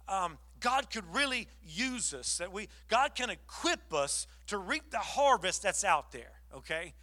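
A man, a pastor preaching and telling a story with lively, acted-out dialogue. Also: high voice. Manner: animated storytelling, acts out both sides of the talk. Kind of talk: sermon with a story.

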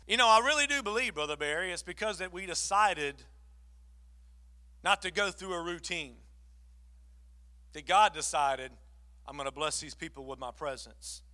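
Male pastor, high bright voice, animated storyteller in the pulpit. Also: normal speed. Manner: animated storytelling, acts out both sides of the talk. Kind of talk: sermon with a story.

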